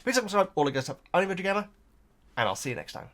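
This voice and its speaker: A man's voice: high-pitched, sing-song, fast, a bit bright. A man hosting a reaction video, chatting in a rambling, hesitant way, emotional and close to tears. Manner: rambling, hesitant, full of fillers and repeated words. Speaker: YouTube reaction host. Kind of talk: casual reaction chat to camera.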